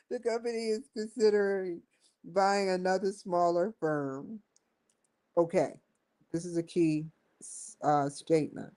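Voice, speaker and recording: Slow-talking chatty woman vlogger. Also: fairly low pitch, darkish tone. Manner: chatty, addresses viewers as y'all, breaks into laughter. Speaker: vlogger and show host. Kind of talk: casual vlog talk to camera.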